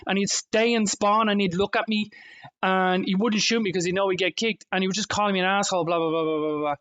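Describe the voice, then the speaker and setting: A man co-hosting a podcast, telling stories in an animated way, with lots of swearing and acted-out quotes. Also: sits high, brisk, clear, resonant tone. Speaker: podcast co-host. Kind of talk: casual chat.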